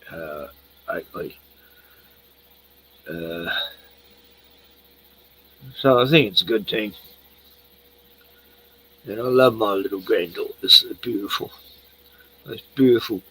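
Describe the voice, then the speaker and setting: A man's voice: medium pitch, creaky, bright, forceful tone, breathy edge, low-quality recording. An older Australian man hosting a casual livestream, rambling and swearing freely while tipsy from a few beers. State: tipsy from beer. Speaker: livestream host.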